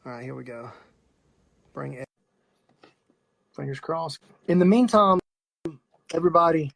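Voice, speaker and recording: A man's voice: a little high, lively intonation, measured pace, vocal fry. A man with a Southern US accent hosting a casual live stream, chatting and greeting viewers by name. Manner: chatty, shouting out viewers, laughing often. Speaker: podcast host.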